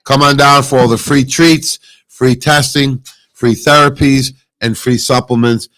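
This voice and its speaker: A man co-hosts a live promotional show from a wellness store event. He pitches products in an upbeat, salesy way. His voice sits at an ordinary pitch, and the sound is dry and close. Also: fairly even intonation, measured pace, sharp tone, no room sound, rough recording. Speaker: co-host.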